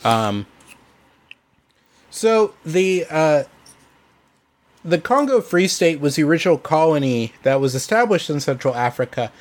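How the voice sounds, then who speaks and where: A man's voice: a little high, lively intonation, unhurried, long pauses. A man on a casual podcast presenting facts, hesitant with many ums and restarts. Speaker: podcast host presenting research.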